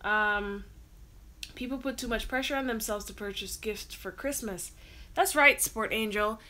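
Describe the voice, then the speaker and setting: A woman's voice: fairly high pitch, measured pace, bright, forceful tone. A woman hosting a casual livestream, lying down at home, reading viewer comments aloud and answering them in a chatty way. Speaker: livestream host.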